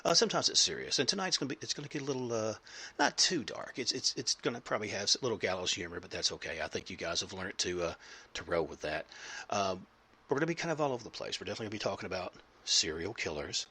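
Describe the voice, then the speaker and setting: A man with a lowish, husky voice that still sounds bright and forceful. He hosts a podcast interview in a loose, rambling, jokey way. His talk is full of fillers. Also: animated, fast. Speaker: podcast host.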